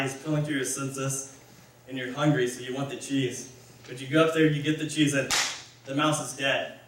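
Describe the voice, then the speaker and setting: A man's voice: mid-range voice, fairly bright tone, a little hiss or hum. A man giving a casual, conversational sermon, rambling and correcting himself as he goes. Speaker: speaker. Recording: echoey hall, mic far off.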